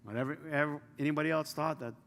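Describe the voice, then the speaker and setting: A man preaching a sermon as pastor, passionate, swinging from loud urging to hushed near-whispers. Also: a little high, fast, gravelly. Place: large church hall. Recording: reverberant church hall with faint ambience.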